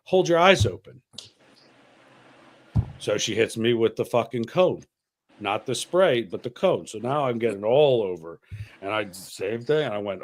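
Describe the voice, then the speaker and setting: A man hosting a casual podcast, telling a crude story with lots of swearing and animated asides. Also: mid-range voice. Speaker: podcast host.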